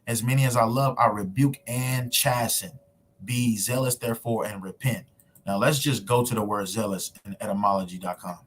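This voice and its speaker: A man's voice: lowish voice, moderate pace, fairly bright tone, a little hiss or hum. A man preaching a sermon to camera in casual slang, pressing his points with rhetorical questions. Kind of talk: street preaching sermon video. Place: at home recording himself with screen share.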